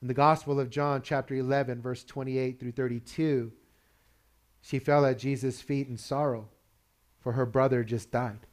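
A man preaches a sermon in a relaxed, conversational way. He puts questions to the congregation and chuckles between points. His voice sits at an ordinary middle pitch. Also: moderate pace. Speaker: pastor.

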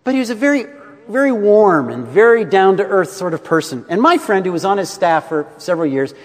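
A man preaching a sermon as pastor, expressive, swinging between rising emphasis and soft, quiet drops. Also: sits high, brisk, long reverb tail.

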